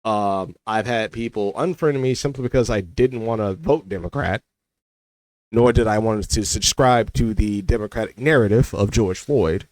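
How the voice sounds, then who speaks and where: A man's voice: fairly low pitch, normal speed, no echo, rough recording. A young adult man vlogging, telling a personal story in a loose, rambling way full of "like" and "you know".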